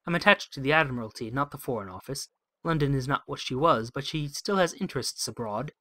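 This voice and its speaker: Brief: man doing a sly genteel diplomat-spy, arch and knowing, raised bright voice, dry close mic. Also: medium pitch, animated, brisk, dry recording.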